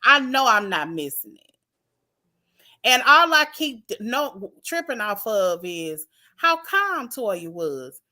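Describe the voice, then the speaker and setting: A woman co-hosting a casual reality TV recap chat, talking in an animated way with many restarts and broken-off phrases. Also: on the high side, slow pace. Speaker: recap show co-host.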